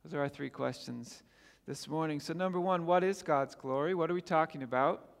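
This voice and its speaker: A man with a high-pitched voice preaches a sermon with earnest emphasis and lifts his voice on his questions. The long reverb of a church hall trails after each phrase. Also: brisk, gravelly. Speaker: pastor. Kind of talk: sermon with scripture reading.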